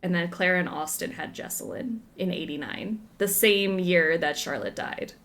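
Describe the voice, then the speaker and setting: A woman's voice: fairly low pitch, normal speed, fairly bright tone. A young woman chatting through a video game playthrough, giggly and second-guessing herself. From Southern United States. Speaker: game streamer. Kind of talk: casual let's-play commentary.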